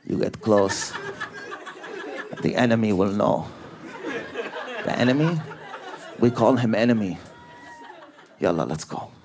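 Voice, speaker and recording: Comic doing his tough old-school dad, deep gravelly voice, barks orders. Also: lively intonation, slow, pauses often, crowd noise, background noise. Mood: commanding. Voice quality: low gravelly voice with broken grammar. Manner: barked short commands. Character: gruff immigrant dad, tough, proud, commanding.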